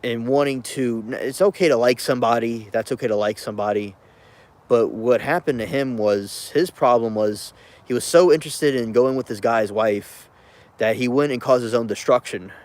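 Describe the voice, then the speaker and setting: A man at an ordinary middle pitch, talking loosely as a vlogger. He rambles, restarts his sentences and drops chuckling asides as he rants about a film. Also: moderate pace, darkish tone. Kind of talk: casual rambling rant.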